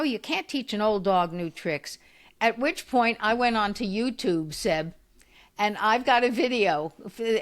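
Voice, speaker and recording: Woman in her eighties telling stories. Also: mid-range voice. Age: 80s. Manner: animated storyteller who acts out quoted voices. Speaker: physical therapist guest. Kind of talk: storytelling in a podcast interview.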